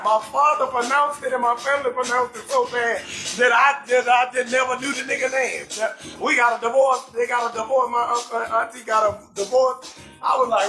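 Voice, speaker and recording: Comedic talk host, male, New Orleans accent, very high bright voice, shouty and animated, in an echoey room with music. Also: fairly quick. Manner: loud, animated, often shouting, profane. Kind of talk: live comedy talk show, reading viewer comments.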